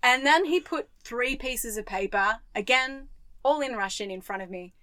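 An Australian woman co-hosting a podcast, telling a travel story in lively detail and acting out the voices she quotes. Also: a little high, normal speed, no echo. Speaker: podcast co-host. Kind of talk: casual chat, storytelling.

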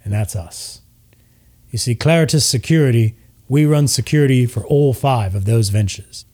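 A man playing a cynical male security chief explaining the town's order in a tabletop game. He talks plainly and wearily, a bit lower than usual. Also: moderate pace, darkish tone, close to an everyday voice. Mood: wry.

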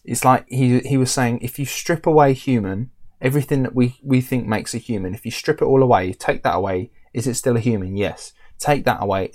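A man's voice: mid-range voice, darkish tone. A man, animatedly telling a story in casual podcast chat.

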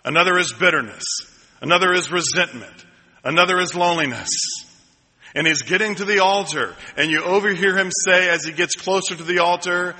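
Bright-voiced preacher in a reverberant hall. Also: male voice, high-pitched. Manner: storytelling preacher, slowing down for emphasis and building to ringing repeated lines. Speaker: pastor. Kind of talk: sermon. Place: church sanctuary.

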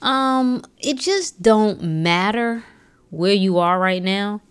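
A woman's voice: medium pitch, animated, takes it slowly, smooth. Woman podcast host, casual and preachy, slangy, lots of rhetorical questions. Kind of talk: casual motivational podcast talk.

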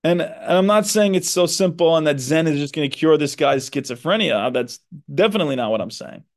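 A man's voice: fairly high pitch, animated, fairly quick. A man who is a psychotherapist and podcast host, talking earnestly in a reflective monologue and stressing his points. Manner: earnest, explanatory, with emphatic stresses.

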